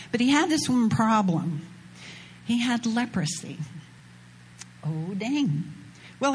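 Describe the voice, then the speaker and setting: A woman with a husky, slightly breathy voice delivers a relaxed sermon. She retells the scripture story in a chatty, conversational way, dropping slang asides as she goes. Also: mid-range voice. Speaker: preacher. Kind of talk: informal sermon with scripture reading.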